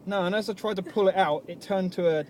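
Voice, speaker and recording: A man's voice: high voice, fast talker. A young man vlogging outdoors, chatting casually and teasing his friend with jokes. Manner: teasing, joking banter. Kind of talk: casual chat. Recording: distant voice with loud outdoor noise.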